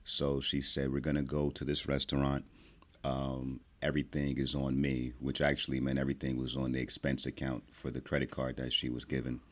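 A man's voice: a bass voice, completely flat delivery, brisk. A man telling a story on a podcast, laid-back and hesitant, with lots of ums. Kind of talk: casual storytelling.

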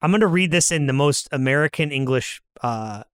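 A man's voice: a little high, expressive, a little fast, clean tone, no room sound, studio quality. A man co-hosting a casual chat, reading song lyrics aloud and joking about them. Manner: reads lyrics aloud, jokey. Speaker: podcast co-host.

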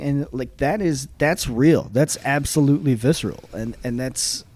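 A man's voice: mid-range voice, normal speed, darkish tone. A man on a political podcast, speaking in an intense and emphatic way. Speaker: podcast co-host.

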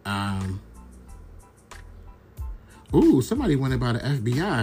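A man's voice: mid-range voice, huge pitch swings, unhurried, pauses often, faint music behind. A young man from Brooklyn, hosting a casual, rambling gossip monologue full of fillers and swearing. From Brooklyn, New York. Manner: chatty, profane, rambling with many fillers. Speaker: podcast host.

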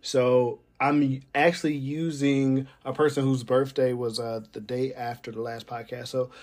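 A man hosting a solo podcast in a casual, rambling way, laughing often between phrases and getting emphatic when he makes a point. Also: medium pitch. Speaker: podcast host.

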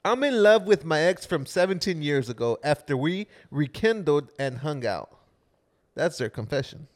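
A man co-hosting a podcast, chatting casually into a studio mic. His voice sits a little high for a man. He is laid-back, laughs often and slips Spanish phrases into his talk. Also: sing-song, normal speed. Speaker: podcast co-host. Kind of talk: casual chat.

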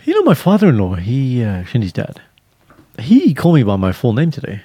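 A young man co-hosting a podcast, chatting casually, animated and laughing often, dropping Punjabi phrases in. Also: medium pitch, brisk, breathy edge, no echo. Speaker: podcast co-host. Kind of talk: casual chat.

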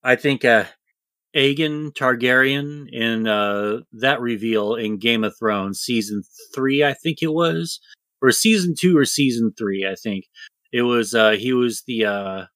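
A man's voice: lively intonation, measured pace, a bit bright, no room sound. A man co-hosting a casual podcast, swearing freely and riffing loosely. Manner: profane, mimics characters in exaggerated high voices. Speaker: podcast co-host.

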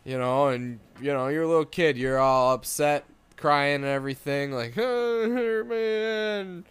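A man's voice: medium pitch, steady tone, normal speed, a bit bright, clear, resonant tone, dry recording. A man in casual podcast chat, telling rambling family stories and acting out the quoted voices.

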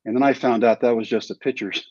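A man's voice: mid-range voice, fairly even intonation, fast talker, darkish tone, dry recording. A man from Texas telling his own story as an interview guest, in a wry, self-deprecating way. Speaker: interview guest, former pro baseball player. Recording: dry, slightly dull recording.

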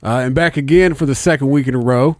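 A man's voice: mid-range voice, quick pace, darkish tone, dry recording, studio quality. Joking Indiana man hosting a podcast. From Indianapolis area, USA. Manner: loose, joking, swears freely. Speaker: podcast host. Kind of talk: casual chat. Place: studio.

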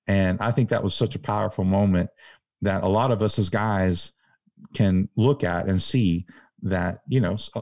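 A man's voice: deep voice, fairly even intonation, moderate pace, darkish tone, no room sound. Earnest man with dry close sound. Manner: earnest, emphatic, many restarts. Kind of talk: casual chat.

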